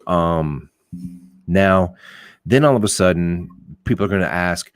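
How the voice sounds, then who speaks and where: Blunt low-voiced man, dry sound. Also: measured pace, long pauses, clean tone, no echo. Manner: blunt, rambling, swears, restarts often. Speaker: podcast host. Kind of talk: casual opinionated talk.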